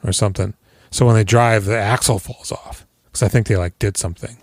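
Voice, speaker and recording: A man's voice: on the low side, brisk, no room sound, clean studio sound. A man co-hosting a casual podcast, retelling a film scene by scene with lots of swearing and acting out the characters. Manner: animated, swearing, acts out characters in big voices. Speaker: podcast co-host. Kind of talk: casual chat recapping a film.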